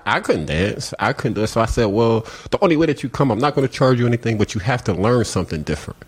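A man with a Philadelphia accent, founder of a community organization, telling stories in a casual interview and acting out the voices of people he quotes. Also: sits low. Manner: animated storyteller, acts out quoted dialogue. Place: outdoors on a city street.

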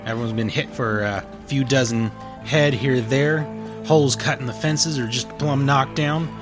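A man voicing a high-strung, blustering cattle rancher with a put-on western rural drawl, swearing and stumbling over his words. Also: fairly even intonation, normal speed, over music, lightly acted. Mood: grumbling.

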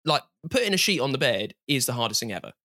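A man's voice: medium pitch, big pitch swings, fast talker, sharp tone, no room sound, studio quality. A man hosting a podcast in a casual, teasing chat, laughing often. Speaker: podcast host.

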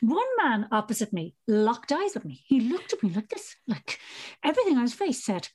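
Lively Irish woman telling a story. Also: fairly high pitch, moderate pace, breathy edge. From Ireland. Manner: animated, laughing, acts out voices. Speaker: podcast co-host. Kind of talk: casual storytelling chat.

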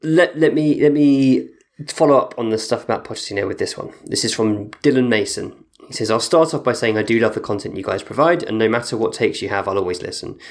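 A man with a somewhat low voice hosts a casual football podcast. He reads listener messages aloud and drops in dry little comments between them. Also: expressive, fairly quick. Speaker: podcast host reading listener emails.

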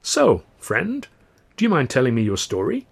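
A man's voice: mid-range voice, huge pitch swings, moderate pace, vocal fry, breathy edge, exaggerated voice. A man voicing a genial, polite big male singer with a melodious, courteous way of speaking. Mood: amused. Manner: courteous, gently probing.

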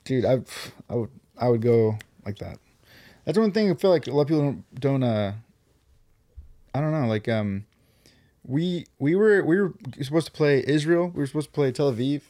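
A man hosting a podcast in casual chat, halting and restarting his sentences with many fillers. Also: medium pitch, lively intonation, warm tone. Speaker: podcast host.

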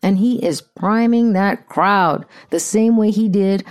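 A woman's voice: mid-range voice, takes it slowly, few pauses, darkish tone. An American woman hosting a podcast with blunt, profane, ranting casual commentary. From United States. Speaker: podcast host.

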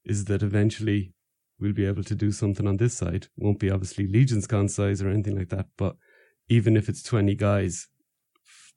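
A man's voice: fairly low pitch, flat delivery, a little fast, warm tone, no echo, studio quality. A man from Ireland hosting a podcast, chatting casually and laughing often. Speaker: podcast host.

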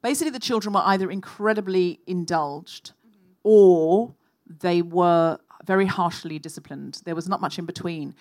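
A woman hosting a live comedy podcast, telling animated stories and acting out shouted quotes. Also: lowish voice, normal speed. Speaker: podcast host. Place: live stage before an audience.

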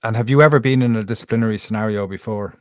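A man's voice: lowish voice, racing, darkish tone, no echo, clean studio sound. A man hosting a sports talk, putting questions to his pundits in a conversational way. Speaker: host. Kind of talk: casual sports chat.

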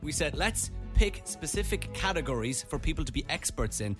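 A man hosting a drive-time radio show, jokey and animated in casual banter. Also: fairly high pitch, normal speed, over music. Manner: jokey, animated, laughs often. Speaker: radio host.

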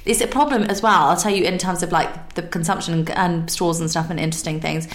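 Fast-talking chatty woman host. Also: lowish voice, echoey room. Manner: chatty, animated storyteller. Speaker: podcast host. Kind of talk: casual chat.

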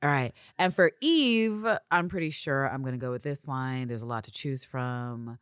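A woman's voice: extremely low pitch, normal speed, clear, resonant tone, no room sound, clean studio sound. A woman co-hosting a casual fan podcast, swearing freely, laughing often and acting out quoted lines. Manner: animated, profane, laughs often, acts out quotes. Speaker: podcast co-host.

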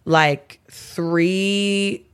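A woman chatting as a guest on a gaming podcast, halting and full of restarts. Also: fairly low pitch, fairly even intonation, clear, resonant tone. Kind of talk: casual chat.

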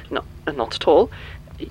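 A man's voice: takes it slowly, highs cut off, close to an everyday voice. A man playing a stammering, frightened young man. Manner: stammering, flustered. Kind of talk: audio drama acting.

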